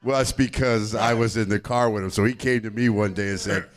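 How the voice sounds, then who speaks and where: A man's voice: fairly low pitch, fairly even intonation, brisk. A man on a convention panel telling a story in an easygoing way, chuckling as he goes. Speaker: panel guest, retired wrestler.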